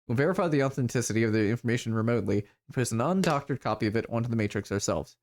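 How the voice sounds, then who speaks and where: Automated male message voice, monotone, even; read by a streamer. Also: medium pitch, rapid-fire, lightly acted. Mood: flat. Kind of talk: reading game text aloud.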